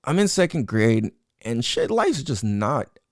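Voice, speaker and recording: A man's voice: medium pitch, sing-song, a little slow, no room sound, studio quality. A young man hosting a podcast, telling a personal story in a casual, profane, rambling way full of "like" and "you know what I'm saying". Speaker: podcast host. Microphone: headphones with mic.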